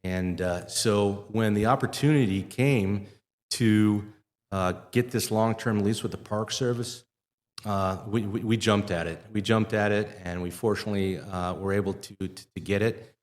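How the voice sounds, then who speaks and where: Speaking at normal speed in a fairly low pitch, a middle-aged marina owner from Wisconsin answers casual interview questions at a live fishing-center show, often using fillers and starting over. The big venue adds long reverb.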